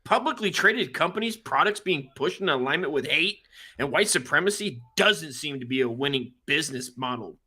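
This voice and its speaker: A man's voice: on the high side, expressive, normal speed, pushed and bright, husky. A man co-hosting a podcast, cracking goofy, crude jokes in casual banter. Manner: joking, laughing, goofy. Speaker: podcast co-host.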